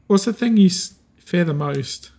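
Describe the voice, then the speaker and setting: A man running a tabletop game as game master, narrating haltingly with many pauses and filler sounds. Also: high voice, animated, gravelly, a little mellow. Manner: halting, full of ums, slows for grim scenes.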